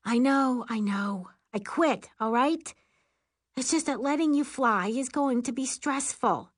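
A woman's voice: sits high, unhurried, dry recording, clean studio sound, voice pushed up. A woman voicing a fretful, nail-biting mother who is a witch. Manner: fretful, hesitant.

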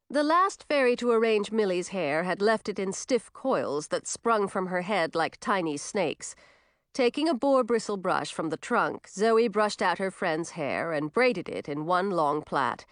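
A woman reads a fairy-tale story aloud with an expressive, animated delivery. Her pitch rises and falls widely, and the recording is close and dry with no room sound. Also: a little slow, dry recording. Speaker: narrator. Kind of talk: scripted storybook narration.

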